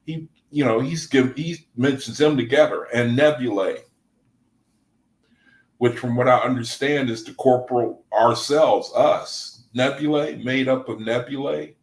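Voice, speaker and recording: A man's voice: medium pitch, steady tone, a little slow, echoey room, rough recording. A man leading a Bible study in a casual livestream talk. He speaks loosely and conversationally, often adding "man," and reads scripture passages aloud between his remarks. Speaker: Bible study group leader. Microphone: desk microphone.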